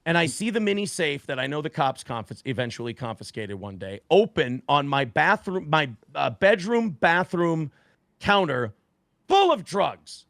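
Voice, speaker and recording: A man with a gravelly, slightly high voice tells a story as a podcast guest, swearing freely and slipping into other people's voices for quotes. He is close on the microphone, with a dry, dead sound. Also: sing-song, moderate pace, a bit bright, no echo. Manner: heavy swearing, acts out quotes with shifting voices. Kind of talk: casual storytelling.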